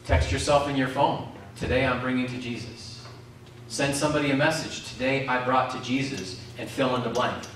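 Preacher in an echoey hall, from afar. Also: male voice, mid-range voice, steady tone, moderate pace, fairly bright tone, far from the mic, a little hiss or hum. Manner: calls out questions to the congregation. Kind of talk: sermon. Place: community centre hall.

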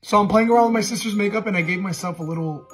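Fast-talking young man setting up a prank. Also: high voice, over music. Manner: quick, playful setup of pranks. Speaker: comedy short creator. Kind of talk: casual talk to camera.

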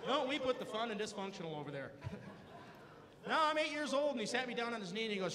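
High-voiced comedian in a reverberant hall. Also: male voice, animated, fast talker, sharp tone. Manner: playful storytelling, acting out family voices. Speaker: stand-up comedian. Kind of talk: stand-up comedy set. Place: comedy stage before a live audience.

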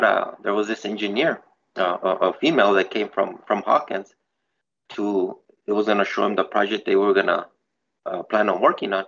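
A man's voice: on the low side, gravelly, a bit bright. A man who works at a water treatment plant, telling a spooky story in a rambling, casual way and acting out what people said. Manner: rambling, many restarts, acts out quotes. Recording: slightly dull with faint background noise.

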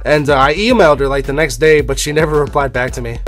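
A man's voice: fairly high pitch, quick pace, loud music behind the voice. A young man telling a personal story in a rambling, offhand way, with the odd swear word. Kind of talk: casual storytelling.

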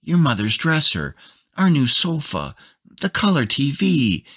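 A man with a very deep voice voicing a frightened, fretful young wife in a spoken story, lifting his voice higher for her. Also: sing-song, takes it slowly, fairly bright tone, dry recording, studio quality, heavily acted. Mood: upset. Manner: pleading, scolding.

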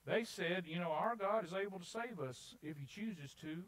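Male preacher, highish voice, lively swings in pitch, dramatic scripture reading; church sermon. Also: moderate pace, few pauses, rough recording. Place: church sanctuary.

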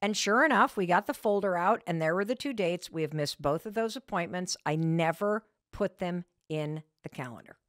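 A woman in her fifties hosting a podcast, telling a personal story in an emphatic, self-deprecating way with quick bursts of speech. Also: lowish voice, animated, no echo, clean studio sound. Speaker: podcast host.

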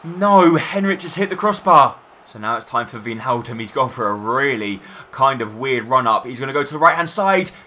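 Excitable gamer, bright shouty voice. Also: male voice, medium pitch, a little fast. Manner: commentates his own play in bursts, shouting at goals and misses. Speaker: gaming YouTuber. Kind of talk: excited live commentary over a football video game.

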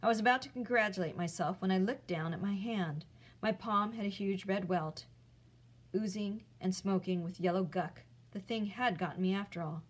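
A woman reads a chapter book aloud, steady and clear, at a middle pitch for a woman. She tells the story plainly as a teacher reading to her class. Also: normal speed, low-quality recording.

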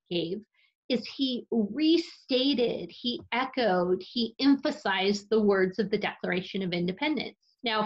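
Dull-sounding woman teaching a history lesson. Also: medium pitch. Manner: explanatory, conversational, with fillers and self-corrections. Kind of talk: recorded remote history lesson. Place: her office.

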